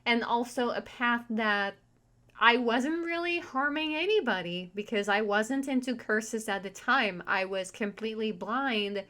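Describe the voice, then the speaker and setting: A woman's voice: a little high, measured pace, sharp tone. A woman vlogger telling a personal story in a chatty, candid and wry way. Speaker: spiritual vlogger and tarot reader. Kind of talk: casual storytelling monologue.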